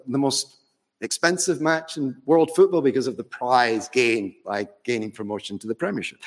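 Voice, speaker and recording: Lively preacher in an echoing hall. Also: male voice, mid-range voice. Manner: storytelling, conversational with fond humour. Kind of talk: sermon. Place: church.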